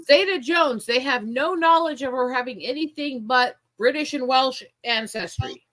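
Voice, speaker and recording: A woman's voice: high voice, moderate pace, fairly bright tone, no room sound. A woman speaking in a casual chat, blunt, profane and opinionated. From United States.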